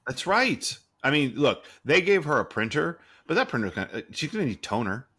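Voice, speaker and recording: A man co-hosts a podcast with a voice on the high side, fairly quick and slightly rough. In casual talk he tells stories with gusto, acting out the quotes.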